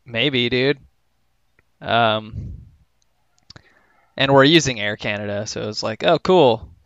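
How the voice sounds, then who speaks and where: A man's voice: medium pitch, takes it slowly, fairly bright tone, clear, resonant tone, no room sound. A young man co-hosting a podcast in casual chat, laid-back and full of "like" and "dude". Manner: laid-back, filler-heavy, says "like" and "dude" often. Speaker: podcast co-host. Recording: slightly dull lo-fi recording.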